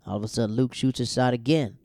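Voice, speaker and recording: Mellow-voiced young man, chatty recap, acts out lines, dry close recording, animated delivery. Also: mid-range voice, fast, vocal fry, no echo. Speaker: show recap host. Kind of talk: casual TV episode recap.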